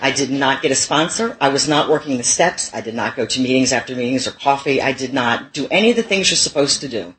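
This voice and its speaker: A woman's voice: rumbling low, lively intonation, fast talker, hardly any pauses, slight background noise, rough recording. A middle-aged woman giving a personal testimony at a recovery meeting, candid and self-mocking, with frequent laughs.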